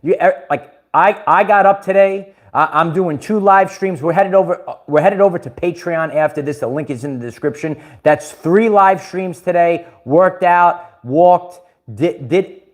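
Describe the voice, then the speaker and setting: A man chats loosely on his own livestream, talking a little higher than most men. He trips over his words, repeats himself and laughs along the way. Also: a little slow. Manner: rambling, repeats words and restarts, laughs often. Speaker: livestream host. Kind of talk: casual livestream chat.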